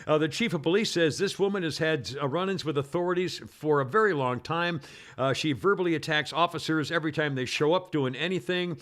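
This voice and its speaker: A man's voice: fairly high pitch, brisk, fairly bright tone. A man hosting a casual news talk show, rambling with many fillers and restarts. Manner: acts out quoted people in a raised voice. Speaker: podcast host.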